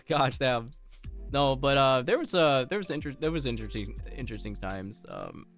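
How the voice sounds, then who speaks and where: A man's voice: medium pitch, lively intonation, normal speed, a bit bright, faint music behind. A man streaming from home, chatting casually with his viewers, rambling through stories with lots of laughter and restarts.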